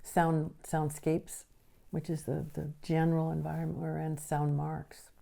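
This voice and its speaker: Woman educator, deep mellow voice, patient explainer who keeps checking in with listeners. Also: completely flat delivery, measured pace, gravelly. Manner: explanatory, often checks in with a tag question. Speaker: nervous system educator. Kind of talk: teaching a recorded lesson.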